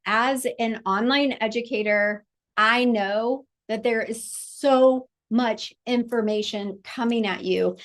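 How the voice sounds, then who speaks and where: A middle-aged woman, a childbirth educator, teaching a live online class in a chatty, encouraging way over a video call. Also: on the high side.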